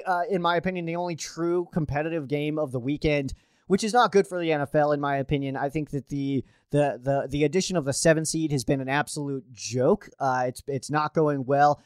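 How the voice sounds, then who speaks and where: A man's voice: a little high, a little mellow, clean tone, no echo, studio quality. A man hosting a sports show, talking casually and chattily with frequent restarts. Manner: chatty, restarts often, uses fillers. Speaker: sports podcast host. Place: at home.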